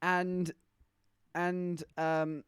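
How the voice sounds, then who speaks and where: A man telling a story to his live-stream chat, animated and laughing, teasing the viewers. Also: high-pitched, very slow, smooth, dry recording.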